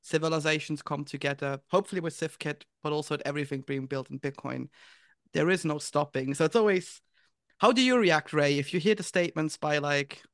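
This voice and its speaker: A man's voice: on the high side, fairly quick, a bit bright, dry recording, studio quality. A man hosting a podcast, asking reflective, rambling questions. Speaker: podcast host. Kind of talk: casual podcast interview.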